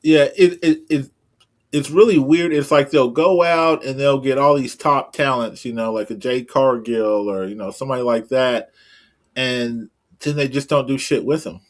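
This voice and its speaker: A man's voice: medium pitch, normal speed. Male co-host, loose and repetitive, mid-range voice. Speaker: podcast co-host. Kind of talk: casual wrestling commentary.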